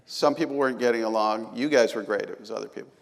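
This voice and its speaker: A man's voice: medium pitch, fast, vocal fry. A man on a live panel telling a rambling behind-the-scenes story, laughing often. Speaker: panelist, series creator. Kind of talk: casual panel talk. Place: large hall. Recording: live hall with long reverb.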